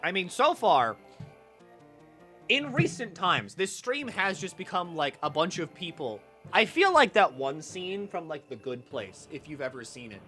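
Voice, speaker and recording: A young man chats casually on a stream, rambling from joke to joke. His slightly high voice is bright and forceful, and faint music plays behind him. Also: very animated, a little slow. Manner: rambling, joking, many filler words.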